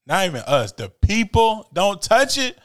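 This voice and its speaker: A man's voice: high-pitched, a little slow. A man co-hosting a casual chat, telling stories with slang and frequent laughter. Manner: animated, laughing, slangy storytelling. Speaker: podcast co-host. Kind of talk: casual chat about sneakers.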